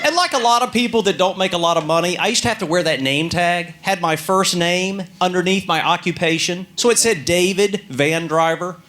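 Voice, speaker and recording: A man doing a stand-up comedy routine, telling stories deadpan and acting out the people in them. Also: high-pitched, a little fast, hardly any pauses. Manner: deadpan storytelling with quoted characters.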